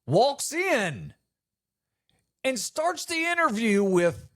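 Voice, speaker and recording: A middle-aged man hosting a comedy podcast, delivering an animated monologue and acting out quotes with mock disbelief. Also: very high-pitched, a little slow.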